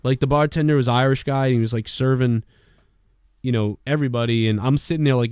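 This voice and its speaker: A man's voice: medium pitch, quick pace, smooth, no echo, studio quality. Profane man telling a bar story. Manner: rambling, profane, animated storytelling. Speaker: podcast co-host. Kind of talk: casual storytelling.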